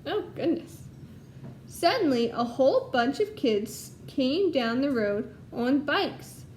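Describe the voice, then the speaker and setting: Patient first grade teacher reading aloud, high voice, unhurried, echoey room. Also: female voice, big pitch swings, a little mellow, slight background noise. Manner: patient, explaining to young children. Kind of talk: recorded lesson with storybook read-aloud.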